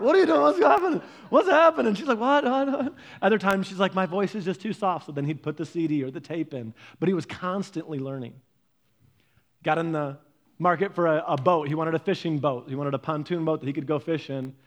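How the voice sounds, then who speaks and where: Man, storytelling talk, animated, quotes his parents in voices, slightly higher voice. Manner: animated storytelling, acting out his parents' lines, often lively and raised. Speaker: speaker giving a faith and parenting talk.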